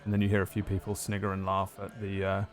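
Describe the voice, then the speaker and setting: A man narrating a tabletop game as game master, describing scenes with frequent pauses. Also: deep voice, completely flat delivery, soft background music.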